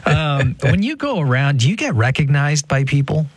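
Chatty man from California, husky. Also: a little high, very animated, normal speed. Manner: chatty, self-deprecating, many fillers. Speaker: radio host. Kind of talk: pledge drive hosting. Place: radio studio.

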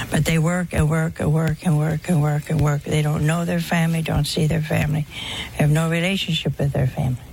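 A woman's voice: low voice, flat delivery, moderate pace, gravelly, darkish tone, a little hiss or hum. A woman preaching a sermon to a live audience in a folksy, humorous way, acting out bits of dialogue.

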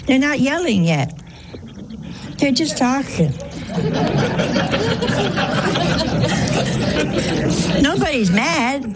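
A woman's voice: sits high, sing-song, drawn-out words, long pauses, a faint crowd, a little hiss or hum, poor audio. A woman, a religious sister, giving an informal sermon with humorous stories and teasing rhetorical questions. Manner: humorous storytelling.

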